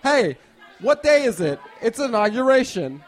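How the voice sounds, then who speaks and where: A man doing a very high-voiced earnest fashion mentor. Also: sing-song, normal speed, some chatter behind. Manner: earnest, confident, rambling absurd advice. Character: earnest upbeat male fashion mentor, impression. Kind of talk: comedy sketch interview.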